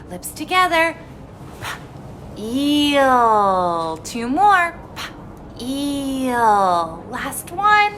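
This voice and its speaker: Slightly high and a bit bright, this woman's voice comes with faint background noise. A speech therapist, she walks young children through word practice, speaking in an exaggerated, supportive sing-song, gasping often and modeling words carefully.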